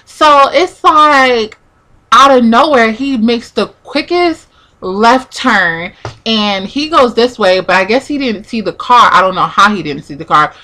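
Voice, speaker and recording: A woman's voice: a little high, lively intonation, measured pace, bright, forceful tone. A young woman vlogger telling a personal story in a chatty, casual way, full of "like" and acted-out quotes. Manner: chatty, peppered with "like", acts out quotes.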